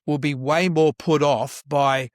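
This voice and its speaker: A man guesting on a church-leadership podcast, telling stories with lively acted-out dialogue and frequent restarts. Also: on the high side, takes it slowly, no room sound, clean studio sound. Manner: animated storyteller who acts out quoted dialogue; frequent restarts and repeated words. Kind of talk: conversational podcast interview.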